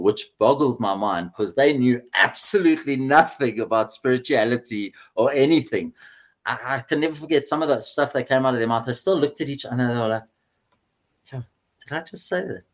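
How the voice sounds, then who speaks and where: A man, a guest in an interview, telling a personal story in an animated, casual way and swearing freely. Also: on the low side. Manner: animated, swears, says "mate" often.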